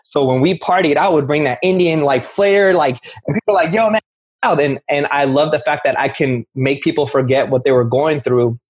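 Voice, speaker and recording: A young man with a husky, slightly rough voice, talking candidly in an interview. He speaks in an earnest, slangy way, circling back and repeating himself as he tells his story. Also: on the high side, brisk. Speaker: guest. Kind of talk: candid interview recounting addiction.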